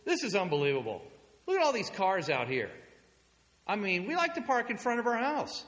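A man playing a shrill, irate male neighbor. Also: huge pitch swings, a little fast, long reverb tail, heavily acted. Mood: indignant. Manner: shouting complaints, high and strained. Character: irate middle-aged male neighbor, indignant.

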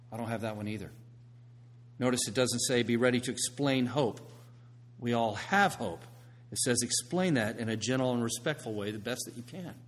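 Husky preacher man in a hall. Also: medium pitch. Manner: swings from hushed to loud, emphatic. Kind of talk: sermon. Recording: long reverb of a large hall.

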